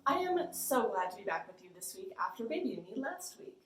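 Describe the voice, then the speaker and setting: A woman's voice: medium pitch, big pitch swings, brisk, a bit bright, a little hiss or hum. A young woman librarian leading a children's storytime, bubbly and sing-song. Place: library room. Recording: echoey room.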